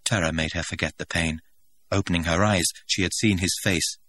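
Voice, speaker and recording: A man giving an expressive, dramatic audiobook narration. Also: deep voice, fairly quick, no echo.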